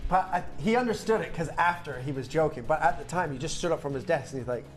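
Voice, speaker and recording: A man co-presenting a live shopping show, relaxed and agreeable, telling stories. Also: a little high, fast, over music. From Canada. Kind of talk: live sales chat and anecdote.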